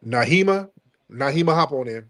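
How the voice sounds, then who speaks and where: A man's voice: mid-range voice, lively intonation, moderate pace, a bit bright. Taunting male call-in show host. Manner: taunting, mocking, commanding. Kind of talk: heated call-in argument.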